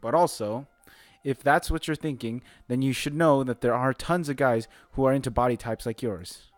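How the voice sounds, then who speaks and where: A man's voice: mid-range voice, normal speed, dry recording, soft background music. A man reading a visual novel's narration and lead lines aloud in a casual, joking let's play. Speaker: gamer reading the protagonist.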